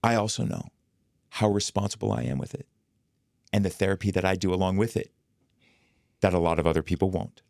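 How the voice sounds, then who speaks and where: A man speaking as a podcast guest, his voice sitting a little low. He talks earnestly and with emphasis, in a casual conversational way. The sound is dry and close, with no room echo. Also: brisk, creaky, long pauses, darkish tone. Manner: earnest, emphatic, talks through stories with quoted dialogue. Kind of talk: casual conversation about recovery.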